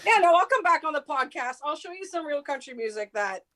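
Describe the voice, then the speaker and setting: A woman's voice: sits high, brisk. A woman, a radio host appearing as a guest, chatting casually and telling stories with flair. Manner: animated storyteller, acts out quotes. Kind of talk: casual chat.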